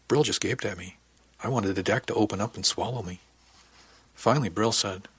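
A man telling a story in the first person, plain and earnest. His voice sits low with a husky edge. The recording is dry and close with no room sound. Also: steady tone, fast talker, dry recording. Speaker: audiobook narrator. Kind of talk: first-person audiobook narration.

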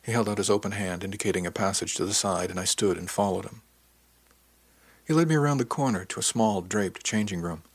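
A man giving a measured, introspective first-person audiobook narration. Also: on the low side, slightly rough, no echo.

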